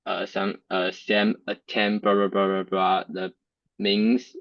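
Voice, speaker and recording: A man's voice: sits low, very animated, slow, vocal fry, a bit bright, no echo. Hesitant male student, lo-fi. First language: Chinese. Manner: short tentative replies. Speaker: English student. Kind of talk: hesitant learner answers. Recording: dull lo-fi sound.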